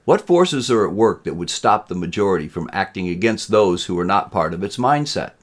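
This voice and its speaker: A man voicing a calm robot classroom instructor with a resonant baritone and a measured, lecturing manner.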